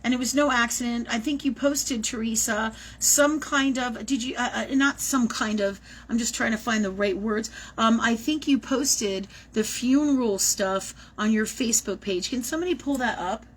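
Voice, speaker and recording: A woman's voice: on the high side, normal speed, few pauses, breathy edge, poor audio. Chatty woman giving a live reading. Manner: chatty, animated, swears casually. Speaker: psychic medium.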